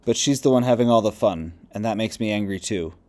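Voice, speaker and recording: A lost and bitter male ghost, depressed and confused, speaking low and quietly in a mellow, darkish voice, as a male audiobook reader voices him. The delivery stays subdued and plain. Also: brisk, natural voice. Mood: resentful.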